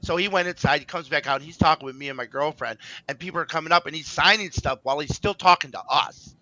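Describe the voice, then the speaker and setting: A man's voice: on the high side, fast, bright, forceful tone, dry recording, low-quality recording. A man co-hosting a podcast, telling a rambling story in casual chat, full of fillers and restarts and acting out the voices he quotes. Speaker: podcast co-host.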